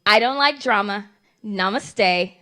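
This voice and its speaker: A woman voicing a calm, preachy woman friend who speaks in a soothing, measured way and avoids drama. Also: medium pitch, pitched below the performer's own voice. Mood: serene. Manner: soothing, measured, self-consciously serene.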